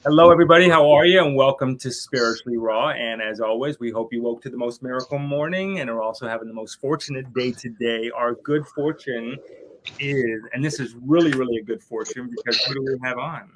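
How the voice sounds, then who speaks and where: A man's voice: medium pitch, fairly quick, fairly bright tone, a little hiss or hum, poor audio. A man co-hosting a podcast, welcoming listeners and a guest in an upbeat way. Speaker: podcast co-host.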